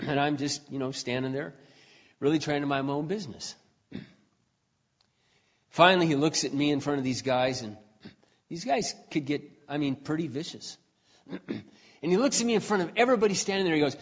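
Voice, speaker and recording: Throat-clearing man preaching in a hall. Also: mid-range voice, animated, normal speed, long pauses. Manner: conversational storytelling, frequent throat clearing. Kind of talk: sermon testimony storytelling. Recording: dull recording in a reverberant hall.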